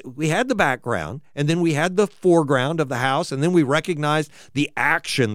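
Expressive male preacher, lively pitch. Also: no room sound, studio quality. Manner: expressive, rising and falling as he reads scripture aloud. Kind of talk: sermon.

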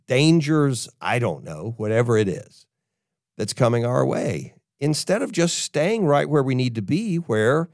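An older man preaching a sermon, telling a personal story in an animated way and acting out what people say. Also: sits high, no echo, studio quality. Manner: animated storyteller, acts out quotes. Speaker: pastor.

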